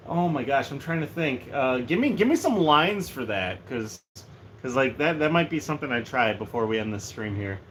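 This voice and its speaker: A man with a medium-pitched voice at normal speed chats on a livestream from a room at home. Animated and joking, he rambles from one thing to the next over a faint heater hum.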